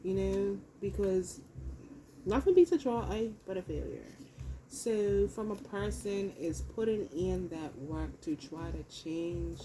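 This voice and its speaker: Speaking slowly in a mid-range voice, a woman does an informal tarot reading on her phone with background noise audible. She is blunt and swears freely, hammering home her points through emphatic repetition.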